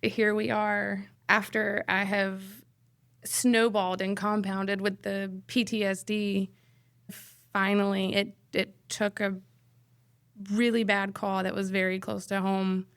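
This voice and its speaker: A woman's voice: medium pitch, level tone, slow, smooth, no room sound, clean studio sound. A woman paramedic speaking candidly as a guest on a podcast, telling stories from her work. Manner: candid, storytelling, blunt. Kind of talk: casual podcast interview.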